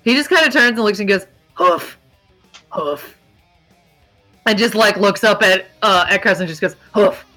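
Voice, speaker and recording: A woman's voice: medium pitch, fast talker, few pauses, bright, forceful tone, faint music behind, rough recording. A woman narrating as game master, casual and chatty, with plenty of fillers. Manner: casual, filler-heavy narration with dog noises.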